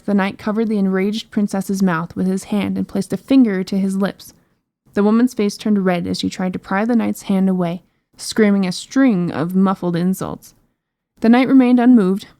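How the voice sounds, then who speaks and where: A woman narrating an audiobook chapter in an expressive, dramatic reading style. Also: mid-range voice, moderate pace, no room sound. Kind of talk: scripted narration.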